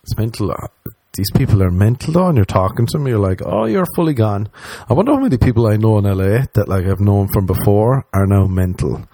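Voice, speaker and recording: A young man ranting casually and comically, swearing often and mocking other people with quick impressions. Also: lowish voice, animated, warm tone, no room sound. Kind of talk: casual comedic rant.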